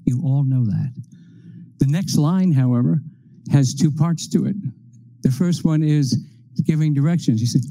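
A man delivering a sermon at an unhurried, deliberate pace. His voice is deeply dark and mellow. He works steadily through a list of numbered points. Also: creaky, poor audio. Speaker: preacher.

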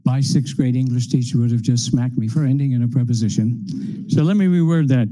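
A man preaching a sermon, working through numbered points in a slow, measured way. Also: mid-range voice, warm tone, rough recording.

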